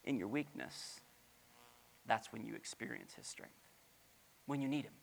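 A middle-aged pastor preaching a sermon, animated, with playful asides and rhetorical questions, dropping to a soft, low voice on key lines. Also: unhurried, gravelly, slight background noise.

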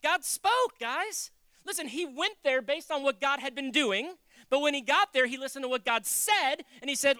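A lively preacher with a bouncy, expressive pitch that climbs and falls constantly. The tone is bright and sharp, and the sound is close and dry, with no room echo. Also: moderate pace. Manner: animated, acts out quotes, jokes. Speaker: pastor. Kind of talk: conversational sermon.

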